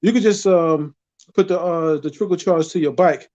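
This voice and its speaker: A man joining a livestream as a guest, chatting casually with animated, slangy storytelling. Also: on the high side, normal speed, dull audio. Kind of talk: casual chat.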